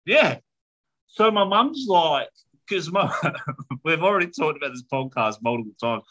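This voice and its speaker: A man's voice: a little high, animated, normal speed, pushed and bright, lo-fi sound. A man with an Australian accent, hosting a podcast and animatedly telling a story with swearing and laughter in casual chat. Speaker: podcast host.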